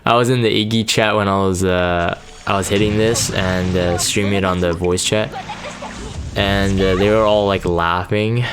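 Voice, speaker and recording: A man's voice: deep voice, little pitch movement, a little slow. A man giving casual, rambling commentary over a replay of his own game, sleepy from just waking up, with many fillers and restarts.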